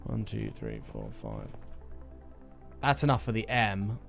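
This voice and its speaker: A man's voice: lowish voice, huge pitch swings, a little slow, vocal fry, faint music behind. A man chatting casually on a gaming livestream, joking around and answering chat messages aloud. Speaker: streamer.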